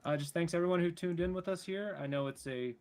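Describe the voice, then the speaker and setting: Dude on a podcast call pushing back with questions, earnest when it gets serious. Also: male voice, high-pitched, fast, darkish tone. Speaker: podcast co-host. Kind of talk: casual news chat. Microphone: remote call.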